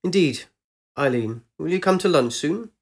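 A man's voice: on the high side, lively intonation, moderate pace, breathy edge, voice pushed up. A man doing an eager, polite young woman.

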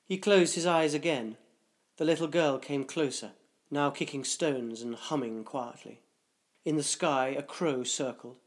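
A man reading a dark short story aloud, in a measured, deliberate narration. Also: fairly high pitch.

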